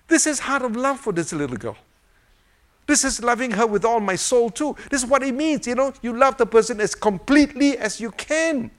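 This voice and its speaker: Animated high-voiced older male preacher. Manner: animated, repetitive rhetorical questions, chuckles often. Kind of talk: informal sermon with a fidget toy demonstration.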